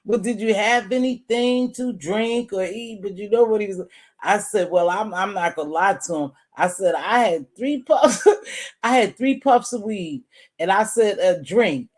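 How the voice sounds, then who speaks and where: A middle-aged woman hosting a live chat, telling a story in a casual, animated way, laughing and swinging from loud to soft. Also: mid-range voice, measured pace. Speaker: livestream host.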